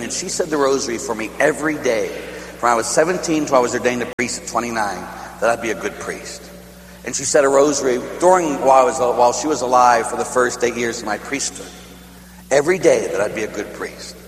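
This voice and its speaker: Middle-aged priest preaching in an echoey hall. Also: male voice, mid-range voice. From Pittsburgh, USA. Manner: animated, laughing, swings from loud to hushed. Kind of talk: storytelling sermon. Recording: echoey hall with faint hum.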